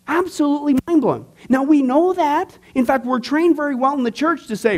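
A man teaching a church discipleship class in a conversational, animated way, joking with the class and acting out everyday people. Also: very high voice, a little fast. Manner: conversational, jokes with the class, acts out skeptics.

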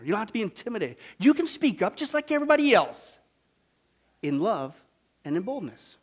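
A man preaching a sermon with jokes, animated, swinging from loud to hushed. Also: high voice, fairly quick, slightly rough. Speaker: pastor.

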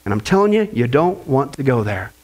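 A man's voice: big pitch swings, fairly quick. A man preaching a sermon as pastor, emphatic and earnest, stretching his words and leaning hard on key phrases. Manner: emphatic, rising to a high pitch on quotes.

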